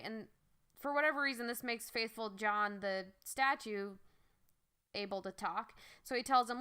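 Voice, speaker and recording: Bright-voiced young woman telling a story. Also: a little high, steady tone, normal speed, clear, resonant tone. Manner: chatty storyteller, wry asides. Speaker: podcast co-host. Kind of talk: casual chat.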